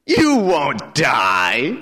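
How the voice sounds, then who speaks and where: A sly, hissing serpent tempter, put on by a preacher during a sermon reading. He draws out his taunting questions slowly and stretches them higher than the speaker's usual tone. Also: wildly swooping pitch, sharp tone, breathy edge, exaggerated voice.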